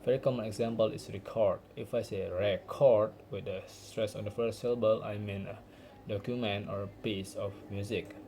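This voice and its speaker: Young guy doing a class talk, earnest, kinda restarts words, warm tone. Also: fairly low pitch, fairly even intonation, a little fast, a little hiss or hum, low-quality recording. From Indonesia. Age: young adult. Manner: earnest, explanatory, with small restarts. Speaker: university student. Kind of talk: recorded class presentation.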